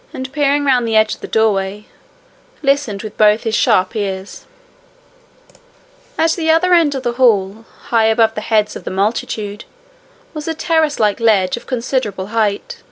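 A woman reading a classic children's fantasy novel aloud in a measured, expressive narration. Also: on the high side. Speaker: audiobook narrator. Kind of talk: scripted narration.

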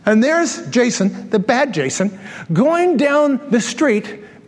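A middle-aged pastor with a high voice tells a story from the pulpit, animated and laughing at his own mistakes. His voice carries a long reverb from a large church hall. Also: a little slow. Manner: animated, self-mocking, laughing at himself. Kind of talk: storytelling sermon.

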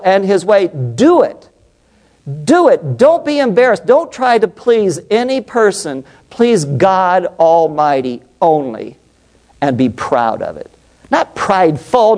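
Passionate man preaching with lively pitch. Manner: passionate, emphatic, asks the congregation questions. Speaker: pastor and psychologist. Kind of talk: sermon.

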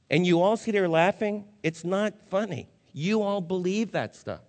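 A male pastor preaching a sermon, firing rhetorical questions at the congregation and swinging from loud emphasis to low, somber warnings. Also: animated, moderate pace, hardly any pauses. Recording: long hall reverb.

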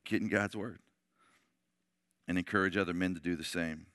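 A man preaching to a men's Bible study in an impassioned way, moving from shouts to hushed words. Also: low voice, fairly even intonation, moderate pace, pauses often, no room sound, studio quality. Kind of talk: sermon.

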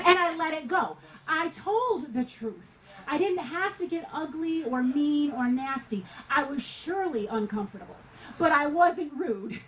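A woman's voice: high voice, animated, normal speed, slight background noise, low-quality recording. A woman preaching at a gospel tent meeting, telling a personal story earnestly, sometimes laughing.

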